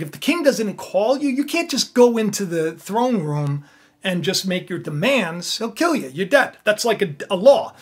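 Brief: husky-voiced man, informal storytelling sermon, chatty with many fillers. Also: high voice, a bit bright. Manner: conversational, rambling, with frequent fillers. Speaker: preacher. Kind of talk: casual biblical storytelling sermon.

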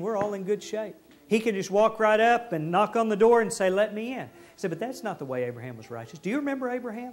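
A man preaching a folksy, animated sermon in a church, acting out the people he quotes. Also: sits high.

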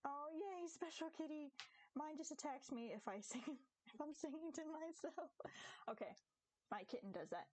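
A woman's voice: sits high, expressive, normal speed, a little mellow, rough recording. A young woman streaming a game, chatting casually with viewers, rambling into giggly stories.

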